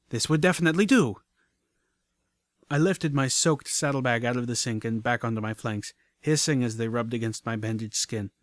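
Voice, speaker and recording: A man reading a story aloud in the first person, earnest and steady. His voice sits mid-range and sounds close and dry. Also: mid-range voice, dry recording. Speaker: audiobook narrator.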